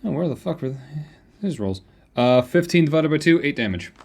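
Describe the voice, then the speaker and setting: A young man acting as game master, talking briskly about the rules and cracking jokes. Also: on the high side, expressive, gravelly, darkish tone. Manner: brisk, rules-focused, joking. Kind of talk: running a tabletop game.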